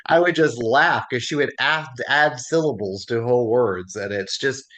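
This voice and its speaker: A man with a Southern US accent leading a casual class discussion, telling stories and laughing often. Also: mid-range voice. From American South. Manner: animated storyteller, laughs often. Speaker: Bible class teacher.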